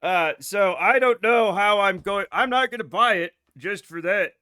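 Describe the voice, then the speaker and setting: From his home, a US man runs a laid-back game livestream, wandering from thought to thought and making jokes at his own expense. His voice sits high, pushed and bright, at normal speed.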